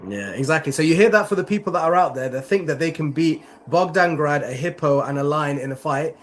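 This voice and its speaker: A man's voice: on the high side, animated, a little fast. A male MMA interviewer asking long, rambling questions in a chatty, casual way.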